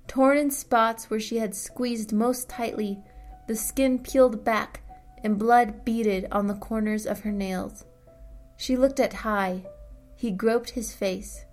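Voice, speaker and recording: A woman narrating a fantasy story in a steady storytelling manner. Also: a little high, slow pace, faint music behind. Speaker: audiobook narrator. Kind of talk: scripted narration.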